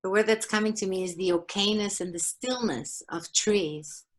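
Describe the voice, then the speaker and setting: A woman who works as a forest therapy guide and trainer, speaking calmly and reflectively as a guest on a video call. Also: medium pitch. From Portugal. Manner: slow, calm and reflective, with pauses.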